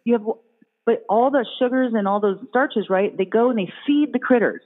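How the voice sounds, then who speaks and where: A woman in casual conversation, telling an animated story and putting on playful little voices for imagined critters. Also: on the high side, moderate pace. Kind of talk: casual chat. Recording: phone-like sound in a long-reverb hall.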